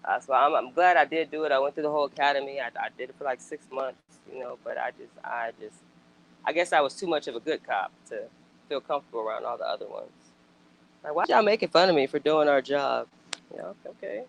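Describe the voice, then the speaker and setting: A woman's voice: very deep voice, quick pace, creaky, rough recording. Blunt, profane woman in casual chat. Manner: blunt, emphatic, frequently profane; animated outbursts and rhetorical questions.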